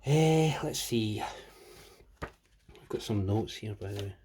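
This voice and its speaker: Sweary husky Scottish man. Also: lowish voice, lively intonation, takes it slowly, darkish tone. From Scotland. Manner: profane, ranting, sweary. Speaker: comic book reviewer. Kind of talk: casual rambling review.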